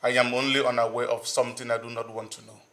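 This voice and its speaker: Nigerian drama tough guy, played by a man: bright, firm, threatening. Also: mid-range voice, little pitch movement, fast, close to an everyday voice. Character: confident man issuing threats to a woman.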